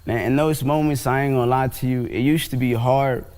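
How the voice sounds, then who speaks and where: A man, a musician guest on a TV morning show, talking in a relaxed, slangy, plainspoken way. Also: mid-range voice, fairly quick. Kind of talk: casual TV interview talk.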